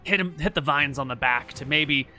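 A man's voice: on the high side, moderate pace, pushed and bright. A man playing a tabletop game, playfully narrating what his characters do. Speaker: player.

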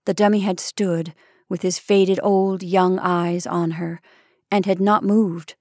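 A woman narrating an old short story in a measured, expressive reading. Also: on the low side, no echo, clean studio sound. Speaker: story reader. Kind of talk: scripted narration.

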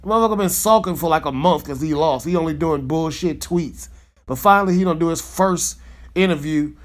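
A man's voice: fairly high pitch, brisk. A man hosting a podcast, ranting in a fired-up, profane, slangy way in a casual monologue. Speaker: podcast host.

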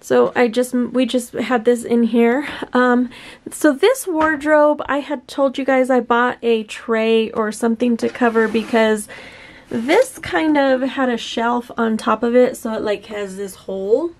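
A woman's voice: a little high, fairly even intonation, measured pace, a little hiss or hum. A woman filming a casual room-tour vlog at home, chatty and rambling with lots of fillers. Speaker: home decor vlogger. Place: bedroom at home.

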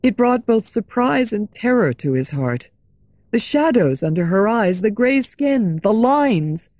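Slow, expressive woman storyteller. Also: on the high side, no echo, clean studio sound. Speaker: narrator. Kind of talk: scripted story narration for English learners.

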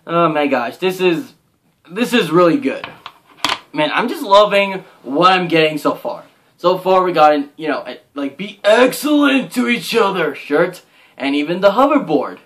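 A young man excitedly gushing as he unboxes a subscription crate, full of "oh my gosh" and filler words. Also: fairly high pitch, moderate pace, a little hiss or hum. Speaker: unboxing vlogger. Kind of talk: casual unboxing commentary.

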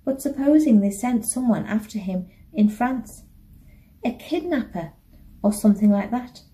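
An anxious, earnest little girl from a storybook, her voice lifted high and childlike, as a woman reads her part. The tone is mellow and dark-timbred. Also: animated, measured pace. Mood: worried.

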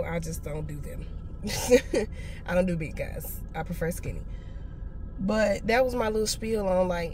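A woman's voice: lowish voice, a little mellow, a little hiss or hum. A woman talking casually to her viewers on a car vlog, blunt and profane, laughing often, recorded on a phone camera in a parked car. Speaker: motivational vlogger.

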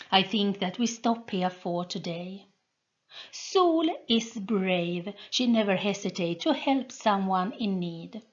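A woman narrates a fantasy novel chapter by chapter, reading slowly and with care. Her voice sits in a middling pitch and never hurries. The recording sounds dull and lo-fi. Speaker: audiobook reader. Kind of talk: storybook reading.

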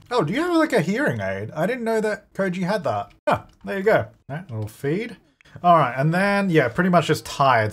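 A man with a slightly high voice gives loose, chatty commentary over a life-simulation game. He thinks aloud as he plays, laughs often and talks straight to the characters he controls. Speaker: gaming video creator. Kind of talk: casual let's-play commentary.

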